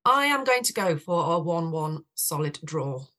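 A woman's voice: deep voice, very animated, unhurried, bright, forceful tone. A woman co-hosting a casual football podcast, making confident, emphatic predictions. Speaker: podcast co-host.

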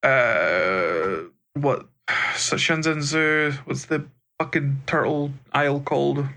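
Bright-voiced Scottish man, podcast co-host. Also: medium pitch, slow. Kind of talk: casual gaming podcast chat.

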